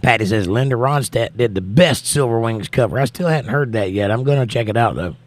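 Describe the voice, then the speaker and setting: A man's voice: medium pitch, expressive, a little fast, no room sound. A man hosting a livestream, reading viewer comments aloud and answering them in casual chat.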